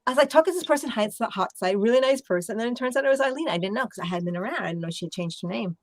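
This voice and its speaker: A woman's voice: a little high, expressive, racing, no room sound. Chatty Long Island woman, dry sound. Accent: New York, Long Island. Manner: chatty, laughs often, rambling. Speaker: live chat host. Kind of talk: casual late-night chat.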